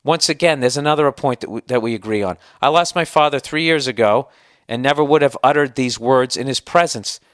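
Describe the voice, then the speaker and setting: A man's voice: mid-range voice, brisk, a bit bright, no echo. Sarcastic ranting American man, dry sound. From United States. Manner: sarcastic, profane, exasperated ranting. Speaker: podcast host. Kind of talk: comedic podcast rant.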